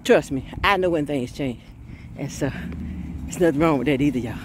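Speaking with a deep voice at a moderate pace, a woman delivers a fervent, chatty, informal sermon. She frequently bursts into laughs and shouted exclamations, and background noise can be heard.

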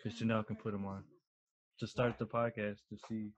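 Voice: medium pitch, little pitch movement, a little fast, lo-fi sound. A person chatting casually with friends in a teasing, bossy way, breaking off to scold a child. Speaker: podcast co-host. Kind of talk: casual chat.

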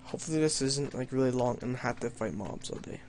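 A man's voice: medium pitch, quick pace, darkish tone, a little hiss or hum. A young man doing let's play commentary, reading story lines in a mock-dramatic tone and joking wryly at himself. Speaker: gamer playing an adventure map.

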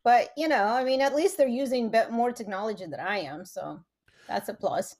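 A woman with a high voice chats casually as a guest on a talk show. She laughs often and slips into quick impressions of her relatives as she tells stories. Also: a little mellow. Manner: laughs often, acts out family quotes. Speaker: matchmaker and author guest. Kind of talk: casual chat.

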